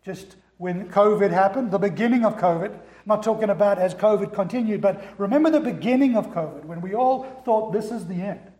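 A man's voice: high-pitched, expressive, brisk, hardly any pauses, darkish tone, roomy sound. A man preaching a sermon as pastor, driving points home with rhetorical questions and repetition. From America.

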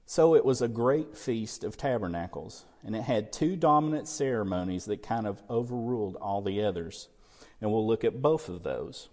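A man preaching in a church, his fairly low, mellow voice ringing with the long reverb of a big sanctuary. He works through scripture and keeps asking the congregation questions. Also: expressive, normal speed. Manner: expository preaching with rhetorical questions. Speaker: pastor. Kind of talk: sermon.

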